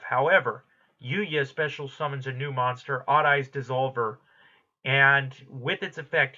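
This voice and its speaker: A man's voice: mid-range voice, bright, forceful tone, dull audio. A man giving a casual recap of an anime episode, quoting the characters as he goes. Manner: retells plot quickly, quoting characters in passing.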